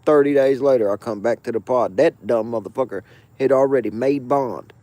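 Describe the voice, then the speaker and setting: A man hosting his own show, telling a jail story in a profane, slangy, animated way with frequent asides. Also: mid-range voice, moderate pace, no room sound. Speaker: show host. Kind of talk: casual storytelling of a jail anecdote.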